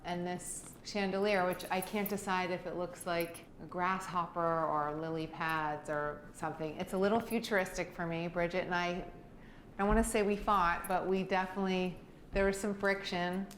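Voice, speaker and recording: Low-voiced woman gushing over her home. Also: moderate pace, slight background noise. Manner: gushing, relaxed, with fillers. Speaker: homeowner giving a house tour. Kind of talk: video house tour narration.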